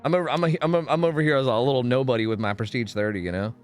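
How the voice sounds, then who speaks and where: A young man streaming a game, chatting casually with his viewers, swearing freely and trailing into quick asides. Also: mid-range voice, smooth, soft background music. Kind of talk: casual gaming commentary.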